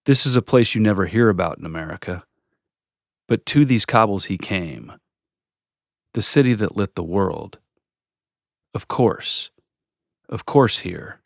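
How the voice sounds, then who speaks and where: Slow, gravelly-voiced man reading poetry. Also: lowish voice, animated, no echo, clean studio sound. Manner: measured, unhurried, contemplative delivery. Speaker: poet reading his own work.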